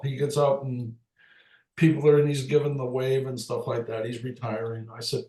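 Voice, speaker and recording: An older man, a retired umpire, telling lively baseball stories in a casual interview and laughing often. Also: mid-range voice, normal speed. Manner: animated anecdotes, laughs often. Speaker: retired MLB umpire, guest. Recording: echoey room.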